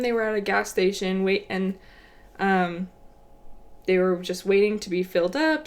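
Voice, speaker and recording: A young adult woman co-hosting a podcast, relaxed and chatty as she reads out a listener's story. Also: mid-range voice. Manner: relaxed, chatty, laughs easily. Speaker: podcast co-host. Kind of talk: casual chat.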